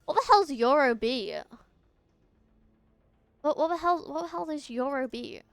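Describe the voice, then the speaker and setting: A woman's voice: high-pitched, measured pace, dry recording. Young woman streaming a game, chatty and giggly, keeps tripping over words, dry close mic. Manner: giggly, chatty, often talks to chat, trips over words. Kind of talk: casual live-stream game commentary.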